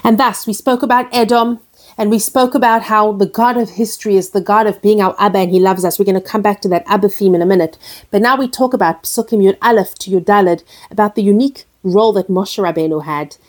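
A woman's voice: medium pitch, quick pace, a little mellow. A woman teaching a Torah lesson in an earnest way. She says her with a sound and puts each one into English as she goes. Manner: earnest, translates each Hebrew phrase into English. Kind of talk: explaining verses line by line.

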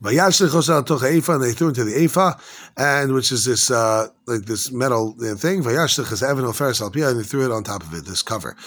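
Fast-talking man teaching a Talmud class. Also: medium pitch. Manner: rapid, excitable, mixing Hebrew and Aramaic with English. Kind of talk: Talmud class, translating Aramaic into English.

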